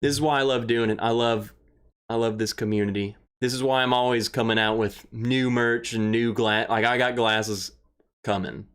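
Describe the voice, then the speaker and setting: A young man hosting a casual livestream, who rambles, greets viewers by name and gets excited and emotional. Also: medium pitch, normal speed, smooth. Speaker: livestream host. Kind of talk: casual livestream chat, reading viewer comments.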